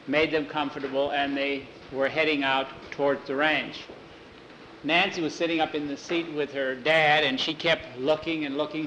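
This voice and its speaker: A man's voice: fairly high pitch, sharp tone, slight background noise, poor audio. A man telling a homespun story aloud, rambling with fillers and doing the voices himself. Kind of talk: unscripted oral storytelling.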